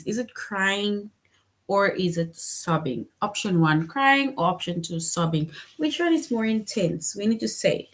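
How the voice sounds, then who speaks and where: Female teacher, slow unhurried delivery, patient question-led explaining. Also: on the low side, animated. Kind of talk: online class lesson.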